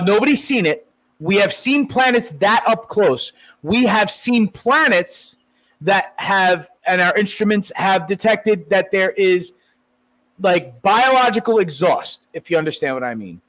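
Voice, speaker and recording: A man with a noticeably high voice riffs on a podcast in casual, crude banter. He is excitable and swears freely. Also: low-quality recording. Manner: excitable, swears often, laughs loudly. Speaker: podcast co-host.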